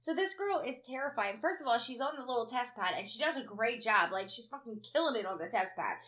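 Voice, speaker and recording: Bright-voiced woman telling a story. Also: fairly high pitch, fast. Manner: swears freely, animated storytelling. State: tired. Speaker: podcast co-host. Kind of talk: casual chat.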